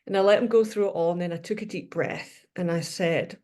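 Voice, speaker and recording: A woman's voice: on the low side, fairly even intonation, a little fast, few pauses, a little mellow. A woman in her fifties, a podcast guest telling a personal story in a thoughtful, reflective way, often circling back to restate her points. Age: 50s.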